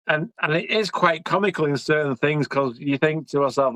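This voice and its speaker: Male co-host, slightly higher pitch, dry, animated and repetitive in casual chat. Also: moderate pace, few pauses, no room sound, low-quality recording. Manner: animated, repeats himself. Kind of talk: casual film review chat.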